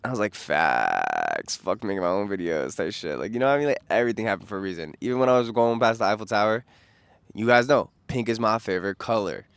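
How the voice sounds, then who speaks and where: Young New York man, low voice, dry close sound, slangy and profane, excitable rambler. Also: fast, smooth, no room sound. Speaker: vlogger. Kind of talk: casual rambling monologue.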